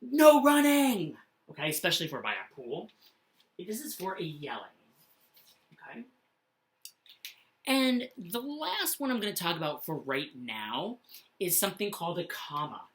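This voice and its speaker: A woman teaching punctuation to young children in a slow, sing-song voice, often checking in with "okay?". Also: on the low side, huge pitch swings, a bit bright. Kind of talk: classroom lesson for children.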